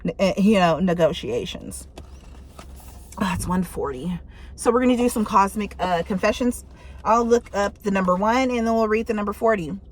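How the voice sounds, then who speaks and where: A woman's voice: medium pitch, moderate pace. A woman giving a casual tarot reading, talking bluntly and swearing freely for emphasis. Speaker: tarot reader.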